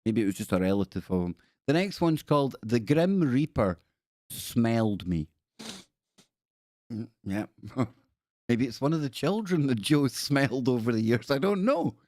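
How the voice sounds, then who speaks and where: A man's voice: mid-range voice, animated, unhurried, pauses often, a little mellow, no room sound, studio quality. A man hosting a casual livestream, reading viewer stories aloud with playful, rambling asides and jokey spooky voices. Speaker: livestream host.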